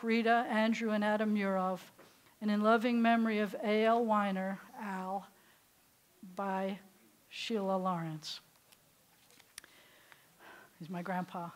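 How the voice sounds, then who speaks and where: Woman, high voice, Southern American accent, leading a synagogue service, instructive. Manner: warm instructive directions to a congregation. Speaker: service leader.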